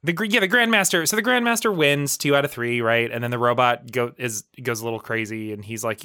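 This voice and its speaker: A man's voice: mid-range voice, brisk, few pauses, pushed and bright, clear, resonant tone, no echo, clean studio sound. A man co-hosting a podcast in casual chat, joking and laughing, often acting out comic characters' lines. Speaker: podcast co-host.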